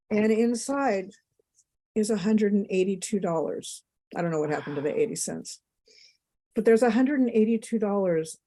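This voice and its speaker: Mellow-voiced woman telling a heartfelt story. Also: medium pitch. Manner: emotional, rambling with many asides. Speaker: podcast guest. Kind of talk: personal storytelling.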